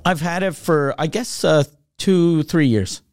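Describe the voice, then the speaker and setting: A man telling a profane, animated story in casual podcast chat. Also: fairly high pitch, measured pace, clean tone, no echo, studio quality. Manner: profane, animated anecdote with quoted outbursts.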